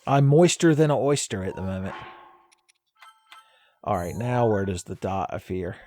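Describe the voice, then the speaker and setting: A man's voice: fairly low pitch, lively intonation, normal speed, warm tone. Jokey rambling man playing a game. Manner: rambling, jokey, laughs often. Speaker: let's play host. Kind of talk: casual gameplay commentary.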